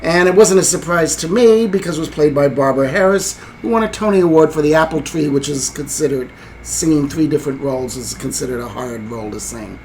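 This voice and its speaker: With a darkish tone and a fairly quick pace, this slightly high-voiced man co-hosts a podcast and talks through a movie's ending. His casual account wanders and stalls, heavy on fillers, over poor audio with slight background noise.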